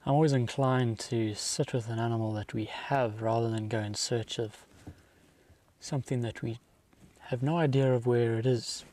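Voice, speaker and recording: A man working as a safari guide, calmly explaining animal behavior during a live broadcast. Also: medium pitch. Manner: calm and measured, explains patiently.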